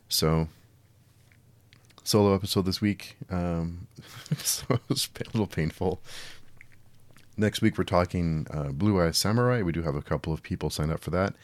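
A man's voice: a bass voice, no room sound. A man hosting a solo film review podcast, talking casually with frequent restarts and an exasperated tone. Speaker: podcast host.

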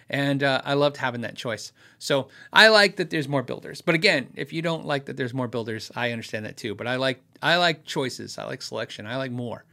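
Bright-voiced man chatting casually. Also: medium pitch, expressive, creaky. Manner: rambling, easygoing, many fillers and restarts, quick laughs. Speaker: livestream host answering viewer questions on guitars. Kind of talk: casual live Q&A chat.

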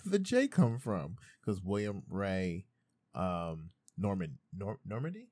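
A man in his thirties co-hosting a podcast, chatting casually, playful and animated, swearing freely. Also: fairly low pitch, a little slow, no echo, studio quality. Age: 30s. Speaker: podcast co-host. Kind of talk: casual chat. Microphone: studio microphone.

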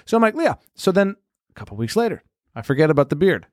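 A man rattles off absurd what-if scenarios at a quick clip for a casual comedy podcast, tacking "right?" onto line after line. His voice sits close and dry on the mic, with no room sound around it. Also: on the high side, big pitch swings, a little mellow, no room sound. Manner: spins absurd hypotheticals, lots of "right?". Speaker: podcast co-host.

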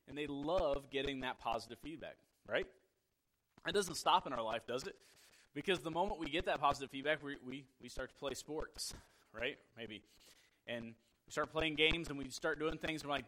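A man's voice: a little high, moderate pace, fairly bright tone, poor audio. A man in his thirties casually telling a family story, chatty and acting out his son's lines.

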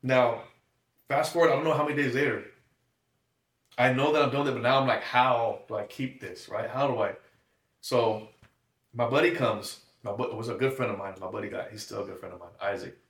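A man's voice: mid-range voice, brisk, a bit bright. A man giving a tearful, shaky personal testimony, acting out the dialogue in his story. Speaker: guest. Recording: echoey room, mic at a distance.

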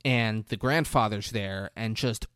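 A man's somewhat low, clean-toned voice walks through a film scene by scene on a casual comedy podcast, as he jumps into character voices and cracks blunt, profane jokes. He talks a little slowly, and the recording is dry and studio quality.

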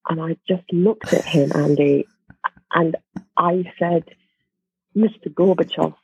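A woman guest telling a story in a casual, animated way, laughing and restarting her sentences. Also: low voice, slow, slightly rough, no room sound. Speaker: podcast guest. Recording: tinny phone line.

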